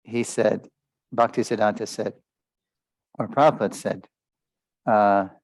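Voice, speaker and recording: A man's voice: on the low side, fairly even intonation, a little slow, dry recording. A man giving a spiritual lesson as a story, talking loosely with many fillers and small chuckles. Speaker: spiritual teacher. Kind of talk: storytelling lecture.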